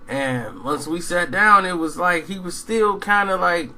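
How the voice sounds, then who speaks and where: A man telling a rambling, animated story in casual monologue, acting out quoted dialogue. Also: high-pitched, a little slow, poor audio.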